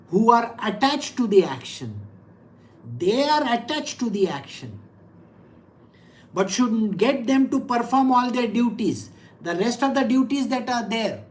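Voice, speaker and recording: A woman, a spiritual teacher, giving a scripture discourse. She speaks directly, often asks the audience questions, and reads the verse slowly and with emphasis. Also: fairly high pitch, sing-song, darkish tone, rough recording.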